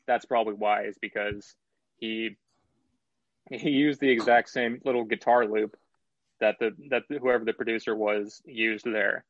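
A man hosting a casual album review chat, talking in an analytical and measured way with some swearing. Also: lowish voice, steady tone, no echo, highs cut off.

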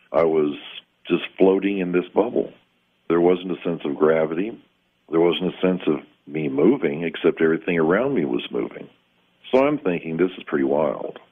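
A man calmly recounting a strange personal experience in plain, measured words, sometimes pausing to find the right term. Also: low voice, husky. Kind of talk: first-person spoken recollection. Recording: tinny phone-like line.

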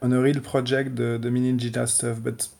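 A man speaks in a gravelly mid voice on an online voice call. He stops and restarts often as he explains technical work. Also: medium pitch, flat delivery, darkish tone. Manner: halting, many fillers and restarts. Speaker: community contributor. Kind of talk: casual tech chat.

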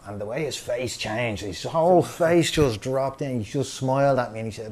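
A man hosting a podcast, telling a story in a casual, animated way with plenty of swearing. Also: mid-range voice, moderate pace, few pauses, slight background noise. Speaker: podcast host.

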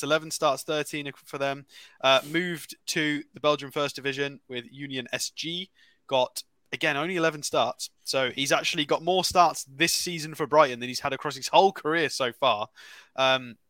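A man's voice: medium pitch, bright, forceful tone, no room sound. A man co-hosting a casual football podcast, talking through player stats with lots of fillers and restarts, with an English accent. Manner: rambling stats talk with fillers. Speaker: podcast co-host.

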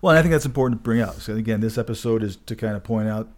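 A man's voice: fairly low pitch, racing. A man co-hosting a podcast in casual chat, dry and teasing, with rambling sentences. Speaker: podcast co-host.

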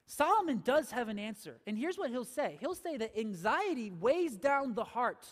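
A man preaching a sermon as pastor, emphatic and asking the congregation questions. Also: extremely high pitch. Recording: long hall reverb.

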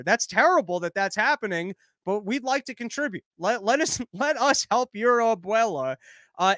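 A man's voice: high-pitched, fairly bright tone, clear, resonant tone, no echo. A man hosting a podcast, giving rambling, profane, joking commentary on news stories in a casual chat. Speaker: podcast host.

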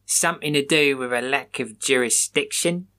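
A man voicing a guarded male shop worker who speaks slowly. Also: medium pitch, pushed and bright, voice pushed up.

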